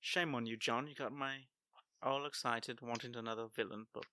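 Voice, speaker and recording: A man's voice: mid-range voice, fairly even intonation, normal speed, pushed and bright. A man co-hosting a podcast in casual chat, playful and teasing with his co-host. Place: home studio on video.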